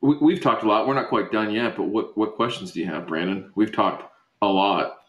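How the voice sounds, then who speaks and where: A man's voice: fairly low pitch, moderate pace, a bit bright, lo-fi sound. A man co-hosting a podcast, chatting casually and teasing the guest. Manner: joking, teasing. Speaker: co-host. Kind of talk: casual chat.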